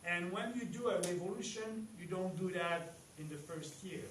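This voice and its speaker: A man with a French accent and French as his first language, giving a halting rally speech as a party leader with many pauses and emphatic rises. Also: sits high, fairly bright tone. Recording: echoey hall, distant mic, faint noise.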